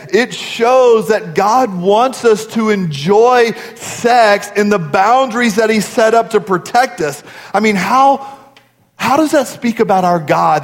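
A man in his forties, a pastor giving a sermon in an earnest, conversational storytelling way. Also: high-pitched. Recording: long hall reverb.

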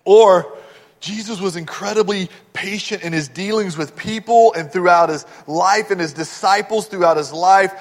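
A man's voice: high voice, normal speed, in a large hall. A man preaching a sermon as pastor, earnestly explaining scripture verse by verse.

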